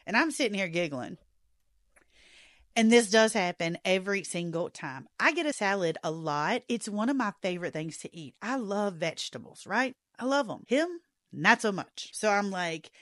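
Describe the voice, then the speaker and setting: A woman's voice: medium pitch, normal speed, no echo, clean studio sound. A woman hosting a podcast, chatting and telling a story with laughter. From rural American South. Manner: chatty, laughing, animated retelling of dialogue. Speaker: podcast host. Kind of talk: casual storytelling monologue.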